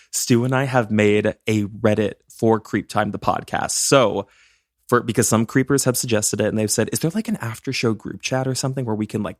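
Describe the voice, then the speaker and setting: Male true-crime podcast co-host, chatty and jokey, slightly low voice, dry booth sound. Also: no room sound. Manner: chatty and bubbly, jokes and rambles.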